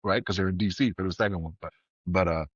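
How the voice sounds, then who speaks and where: A man co-hosting a podcast in casual chat, an animated storyteller who acts out the voices of people he quotes. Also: low-pitched, quick pace, dry recording, lo-fi sound. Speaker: podcast co-host.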